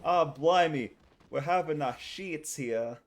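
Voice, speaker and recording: A man's voice: a little high, drawn-out words. A man putting on a boozy mock-British bloke. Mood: rowdy. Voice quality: loud, slangy, exaggerated mock British accent. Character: rowdy drunk British bloke caricature.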